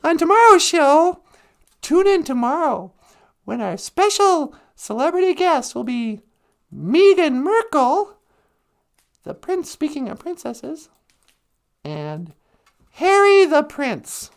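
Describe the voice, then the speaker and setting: Man putting on a gravelly brassy woman host. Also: very high-pitched, sing-song, takes it slowly, long pauses, heavily acted. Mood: announcing. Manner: gravelly, laughs through lines, mocking. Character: brash opinionated woman co-host, gravelly and chatty. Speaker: comedy show co-host. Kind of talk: comedic live-stream monologue.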